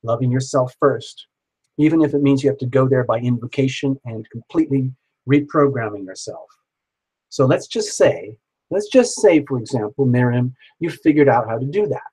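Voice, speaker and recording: Husky man giving a live tarot reading. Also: medium pitch, brisk, rough recording. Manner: gentle, repetitive affirmations, addresses viewers by name. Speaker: tarot reader hosting a live stream. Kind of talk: live-stream tarot reading, speaking to viewers.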